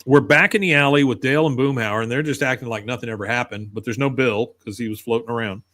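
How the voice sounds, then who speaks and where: Man, podcast co-host, casual recap, middle pitch, chatty storytelling. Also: steady tone, a bit bright. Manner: retells scenes, putting on quick voices for quoted characters.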